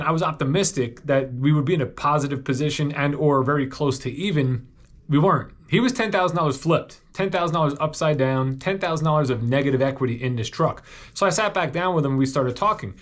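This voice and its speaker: Fast-talking car salesman giving advice. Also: mid-range voice. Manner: quick, conversational, advice-giving with frequent asides. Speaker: car salesman and channel host. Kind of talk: casual advice talk to camera.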